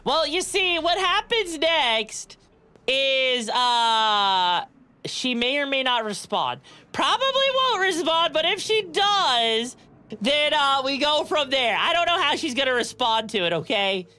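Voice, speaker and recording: A woman's voice: high voice, slow. A young woman streaming casually, giggling often and chatting back to her viewers. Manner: giggly, animated, reads and answers chat. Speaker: VTuber streamer. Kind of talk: casual live-stream chat.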